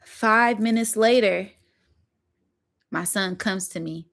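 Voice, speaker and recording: Animated woman telling a story casually. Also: medium pitch, takes it slowly, gravelly. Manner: animated, slangy, with sound effects. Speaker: vlogger.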